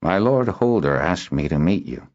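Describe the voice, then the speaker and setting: A man voicing a gruff, stubborn old male handler who talks slowly and softly, in an audiobook. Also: deep voice, animated, no echo. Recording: dull lo-fi audio.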